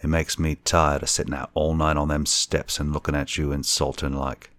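A man's voice: rumbling low, flat delivery, normal speed, fairly bright tone, no room sound. A man voicing a young Cockney bellboy and former soldier, deferential and anxious, forever saying sir. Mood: telling tale.

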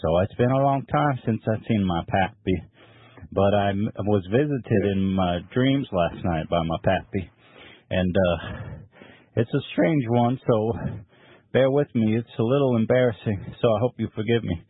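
A man putting on a rambling, sheepish old man of about sixty-five on a prank call, halting and full of fillers, his voice husky. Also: fairly low pitch, no echo. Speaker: caller. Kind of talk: prank call to a psychic line. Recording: dry tinny phone line.

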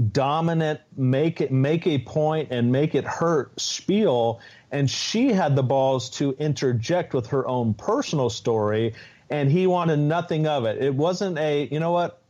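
A man's voice: mid-range voice, darkish tone. A man co-hosting a podcast, recapping episodes in a rambling, casual way. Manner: rambling recaps with many restarts and fillers. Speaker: podcast co-host. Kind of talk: casual chat. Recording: dull lo-fi sound.

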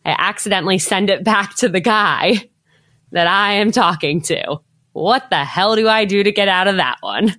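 A woman's voice: mid-range voice, normal speed, a bit bright, dry recording, studio quality. A woman hosting a dating podcast, chatty and upbeat and full of "like" fillers. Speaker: podcast host. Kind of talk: casual podcast chat.

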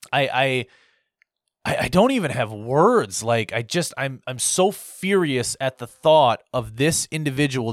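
A man's voice: mid-range voice, dry recording. Fired-up man ranting, dry close sound. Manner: angry, repetitive, rambling with restarts. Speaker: political commentator. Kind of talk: heated political rant.

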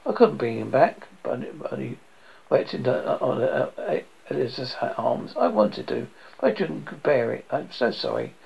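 A man voicing a frightened, tearful young woman who speaks haltingly, in a dull lo-fi recording. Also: mid-range voice, animated, vocal fry, slightly rough, exaggerated voice. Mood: distraught. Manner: faltering, halting speech. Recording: dull lo-fi audio.

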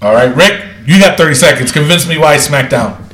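A man's voice: a little high, animated, brisk, a bit bright. A man hosting a casual wrestling podcast, laughing often and talking in a loose, profane way. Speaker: podcast host. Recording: roomy echo.

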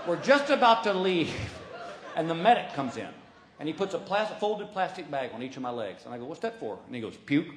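A man's voice: on the high side, big pitch swings, fairly quick, noisy background. A man performing a stand-up comedy routine, telling a story in a folksy way and acting out the voices of the people in it. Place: large hall before a live audience. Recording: roomy live venue sound.

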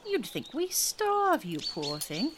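An actress playing a fussy, condescending abbess who scolds a young nun. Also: female voice, high-pitched, huge pitch swings, slow pace, a bit bright, slight background noise, heavily acted. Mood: prim.

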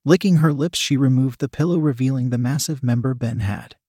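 A man narrating an adult audio story in a plain, steady reading voice. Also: medium pitch, a little fast, husky, no echo, clean studio sound. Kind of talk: reading an erotic story aloud.

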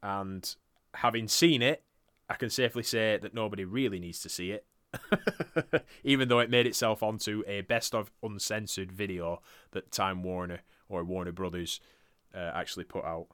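Low, bright-voiced man, swearing. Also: fairly even intonation, moderate pace, clean tone, no room sound, clean studio sound. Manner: swears freely, laughs often. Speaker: podcast host. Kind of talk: casual chat, reviewing wrestling results.

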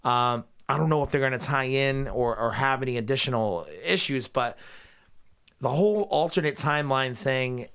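A man's voice: medium pitch, moderate pace, fairly bright tone, clear, resonant tone. A man co-hosting a casual podcast chat, profane and ranting, who sometimes hums and sings along. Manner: profane, ranting, breaks into humming and singing. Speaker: podcast co-host.

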